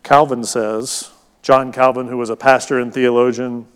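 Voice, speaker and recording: Pastor preaching in a reverberant hall. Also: male voice, mid-range voice, level tone, normal speed, clear, resonant tone. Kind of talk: sermon.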